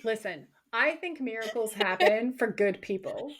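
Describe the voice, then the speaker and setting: A woman's voice: on the high side, normal speed. Woman co-host recapping, swearing freely. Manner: animated, profane storytelling. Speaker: podcast co-host. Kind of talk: casual episode recap.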